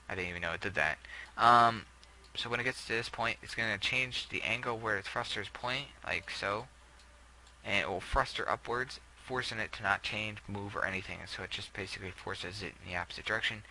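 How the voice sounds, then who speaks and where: Young man, low voice, very bright sharp tone, rambling self-deprecating game commentary, faint hiss behind. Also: rough recording. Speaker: gameplay video host. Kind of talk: casual gameplay commentary.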